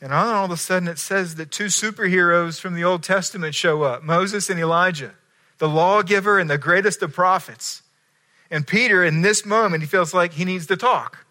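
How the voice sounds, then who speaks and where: A middle-aged male pastor preaching a sermon, telling stories with animated voices and dropping from loud to hushed. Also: high-pitched, moderate pace.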